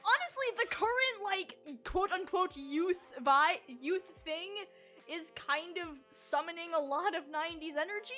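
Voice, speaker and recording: A woman in her thirties chatting as co-host in a teasing, playful way. Her voice is high and bright. Faint music plays behind her. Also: lively intonation, a little slow. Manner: playful, teasing, laughs often. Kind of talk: casual chat.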